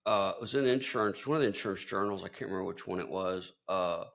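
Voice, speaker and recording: A man's voice: sits low, fast talker, creaky, a bit bright. Easygoing man co-hosting a podcast. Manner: easygoing, hesitant, thinks aloud. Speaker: podcast co-host. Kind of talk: casual conversation.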